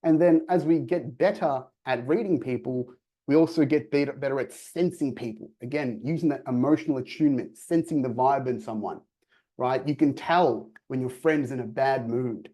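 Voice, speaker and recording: Man, sales coach webinar, mellow tone, acts out dialogue. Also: medium pitch, normal speed. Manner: energetic, acts out quoted dialogue in lively voices. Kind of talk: presenting to a virtual audience.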